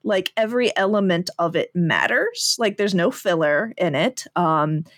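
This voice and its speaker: A woman co-host with a fairly low voice chats easily and throws in quick playful jokes. The sound is dry and close. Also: animated, dry recording. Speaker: podcast co-host. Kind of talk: casual podcast chat.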